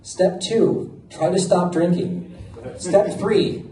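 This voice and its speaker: American guy doing standup, voice jumps all over, kinda high, roomy club sound picked up from back a ways, crowd noise. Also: huge pitch swings, very slow, distant mic. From United States. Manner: punchy, self-mocking delivery. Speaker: stand-up comedian. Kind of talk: stand-up comedy set. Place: comedy club stage before a live audience. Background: audience laughter.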